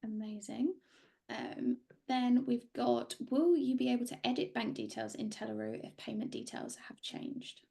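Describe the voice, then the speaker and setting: A woman's voice: a little high, steady tone, moderate pace, creaky, dark tone. A woman hosting a webinar over a video call, friendly and organised as she reads out audience questions. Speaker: webinar host. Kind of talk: webinar presentation and Q&A.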